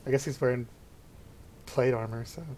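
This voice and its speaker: A man's voice: mid-range voice, normal speed, slight background noise. Easygoing man running a tabletop game. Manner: relaxed, explains rules and narrates enemy actions. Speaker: game master.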